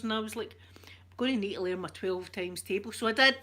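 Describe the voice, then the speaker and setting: A woman's voice: medium pitch, a little fast, pushed and bright. A woman with a Scottish accent chatting casually to her viewers, telling stories and laughing often. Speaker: ASMR streamer chatting with viewers. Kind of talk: casual chat.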